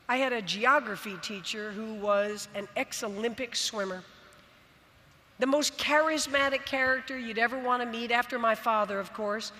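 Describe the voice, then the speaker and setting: A woman in her sixties from Florida giving a dramatic keynote speech, with long pauses and sudden bursts of emphasis. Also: on the high side, bright, forceful tone. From Florida, United States. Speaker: keynote speaker. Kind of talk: motivational keynote storytelling. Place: large convention arena. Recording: long reverb of a big arena.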